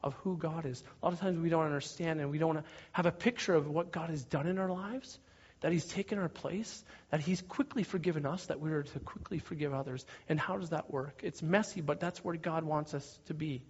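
A man preaching, telling a story in an animated way and shouting out parts of it. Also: a little high, brisk, husky. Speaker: pastor. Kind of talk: sermon storytelling. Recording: dull lo-fi recording.

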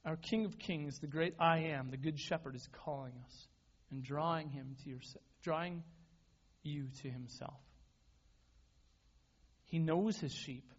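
A man's voice: on the high side, unhurried, pauses often. A man preaching a sermon as a pastor, conversational and self-deprecating, often restarting his words. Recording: dull lo-fi sound.

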